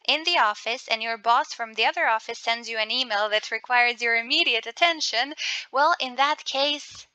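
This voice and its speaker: Bright, crisp-voiced woman coach. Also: a little high, no echo, poor audio. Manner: explains by example, asks the group questions. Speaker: communication coach. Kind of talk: webinar teaching.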